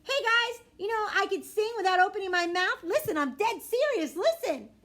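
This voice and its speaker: Woman doing an excitable little girl. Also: very high-pitched, moderate pace, pitched above the performer's own voice. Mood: showing off. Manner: squealing, whiny, theatrical.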